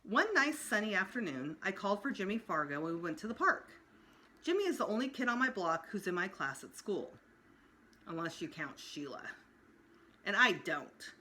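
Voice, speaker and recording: A teacher reading a children's chapter book aloud, telling it expressively with shifts in pitch and loudness. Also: female voice, moderate pace, a little hiss or hum. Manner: expressive storyteller, varies pitch and loudness for effect.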